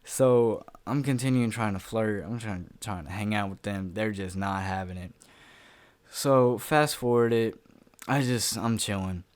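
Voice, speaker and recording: A man's voice: fairly low pitch, a little slow, no room sound. Rambling young man telling a storytime. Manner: rambling, filler-heavy, swears casually, laughs at himself. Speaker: YouTuber telling a personal story. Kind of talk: casual storytime vlog. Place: at home.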